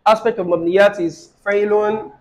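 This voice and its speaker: A man teaching an Arabic grammar lesson online, quizzing his student and repeating phrases slowly. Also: high-pitched, steady tone, a little mellow, poor audio.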